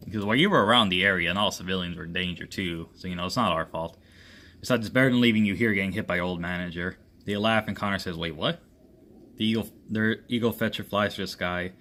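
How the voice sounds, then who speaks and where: Speaking in a sharp tone, a man with a fairly low voice makes up an action story as he goes. This amateur storyteller performs each character's lines himself instead of using a polished script, and his delivery rambles and halts with many restarts.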